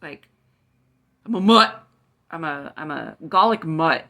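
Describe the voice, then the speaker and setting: A woman's voice: low-pitched, lively intonation, takes it slowly, pushed and bright. A woman in her forties delivering a heated political rant to camera, blunt and profane. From Canada. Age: 40s. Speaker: vlogger.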